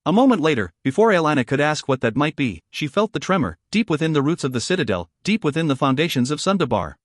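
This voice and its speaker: A man's voice: fairly high pitch, very animated, fast talker, no room sound, studio quality. Man narrating a fantasy audiobook.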